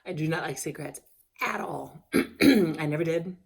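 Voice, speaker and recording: A woman in her fifties, hoarse and losing her voice, chatting casually and rambling in her video diary with frequent laughs. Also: sits low, normal speed. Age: 50s. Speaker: vlogger. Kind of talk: casual chat.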